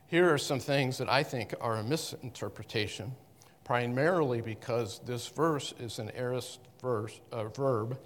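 A man of mid pitch explains Scripture to a congregation in a loose, conversational style. He stops to correct himself and restarts his phrases often. His voice rings with the long reverb of a hall. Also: a little hiss or hum. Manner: halting, with frequent restarts and self-corrections. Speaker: Bible teacher. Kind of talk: conversational Bible teaching to a congregation.

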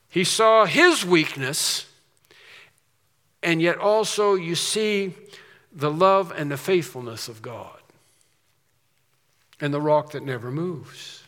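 Preaching in a large hall, this man speaks with a voice that sits high. As pastor, he builds to loud, drawn-out emphasis on important phrases, then eases back down to a softer tone.

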